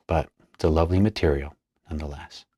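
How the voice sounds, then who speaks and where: Man, very low voice, relaxed tutorial narrator thinking aloud, dry close sound. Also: fast talker, slightly rough, no echo. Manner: thinks aloud while working, chatty asides. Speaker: perfumer demonstrating a blend. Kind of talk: casual hands-on tutorial narration.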